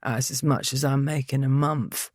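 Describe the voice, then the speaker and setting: A woman's voice: rumbling low, fairly even intonation, moderate pace, darkish tone, no room sound, studio quality, pitched below the performer's own voice. A woman voicing a surly, hostile young male servant who mutters sullenly.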